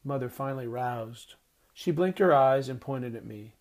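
A man narrating an audiobook chapter in a measured, expressive reading voice. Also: mid-range voice. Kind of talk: scripted narration.

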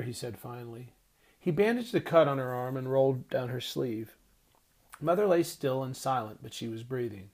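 A man narrating an audiobook chapter in a measured, expressive reading voice. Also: medium pitch. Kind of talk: scripted narration.

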